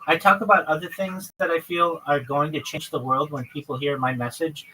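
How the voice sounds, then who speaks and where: A man's voice: a little high, steady tone, a little fast, pushed and bright, recorded from a distance, slight background noise, low-quality recording. A man hosting a livestream chat with a caller, earnestly listing his plans in long runs. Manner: earnest, lists many topics in long runs. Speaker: livestream host.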